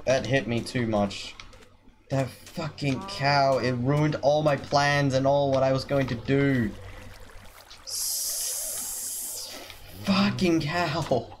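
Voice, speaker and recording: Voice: medium pitch, slow pace. A gamer doing let's-play commentary, swearing constantly and grumbling at the game's animals. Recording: noisy with keyboard clicks. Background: keyboard typing.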